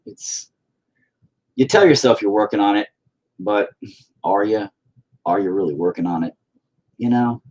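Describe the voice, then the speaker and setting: A man rambling to himself while painting, profane and self-deprecating. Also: low-pitched. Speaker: painter talking to camera. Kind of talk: rambling casual monologue.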